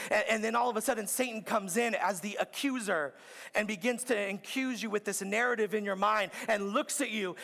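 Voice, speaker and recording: A pastor preaching a sermon in a church, with an earnest, repetitive cadence that builds to emphatic peaks. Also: male voice, high voice, vocal fry, fairly bright tone. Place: church auditorium.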